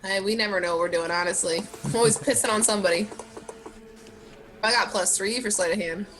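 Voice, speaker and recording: A woman's voice: medium pitch, fairly quick, a bit bright. A woman playing a tabletop game, brash and mischievous, swearing freely. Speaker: player. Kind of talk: casual tabletop play.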